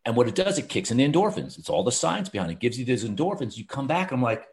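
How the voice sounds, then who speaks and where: A man's voice: medium pitch, sing-song, fast. A man hosting a casual podcast chat, encouraging and enthusiastic, talking with many fillers.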